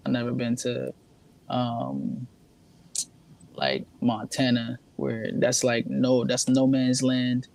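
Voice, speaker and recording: A man from New Jersey chats as a podcast guest in a relaxed, unhurried way. His voice has a gravelly creak, and he pads his thoughts with easy fillers. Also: medium pitch, poor audio. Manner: laid-back, many fillers like um and like. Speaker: musician guest. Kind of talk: casual interview chat.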